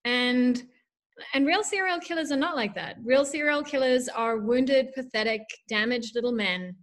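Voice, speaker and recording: A woman's voice: high voice, normal speed, fairly bright tone. A woman from South Africa with a mixed, drifting accent, chatting casually as an author guest over a video call, self-deprecating and full of fillers. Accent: mixed South African, drifting toward American and Irish. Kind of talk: casual interview.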